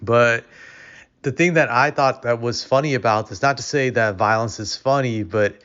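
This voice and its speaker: A man's voice: mid-range voice, normal speed, fairly bright tone. A man giving casual, opinionated commentary as a vlogger, rambling with frequent restarts. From United States. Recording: dull lo-fi recording.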